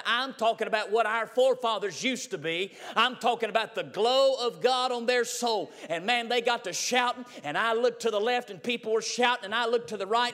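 Man, young adult, preacher, folksy storytelling sermon, very high voice, long church reverb. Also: bright, forceful tone.

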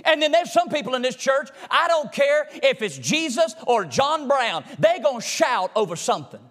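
A man preaching a sermon to his church, folksy and conversational, swinging between loud emphatic lines and hushed asides. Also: very high-pitched, very animated, normal speed. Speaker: pastor. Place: church sanctuary.

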